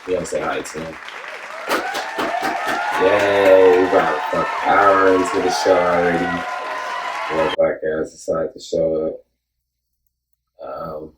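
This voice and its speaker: A man hosting a casual, profane podcast chat, joking and animated as he recaps events. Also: very deep voice, a little slow, pauses often, some chatter behind. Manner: animated, joking, mimics people loudly. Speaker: podcast host. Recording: roomy sound, mic at a distance.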